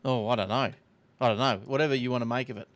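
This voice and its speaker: A man hosting a tech podcast in a casual, chatty way, with quick asides. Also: medium pitch, fairly even intonation. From Australia. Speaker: podcast host. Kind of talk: casual chat.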